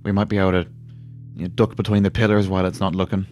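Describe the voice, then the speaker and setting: A man's voice: low voice, little pitch movement, rapid-fire, darkish tone, a little hiss or hum. A man playing a tabletop game, speaking in a matter-of-fact way. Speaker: player. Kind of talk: casual tabletop play.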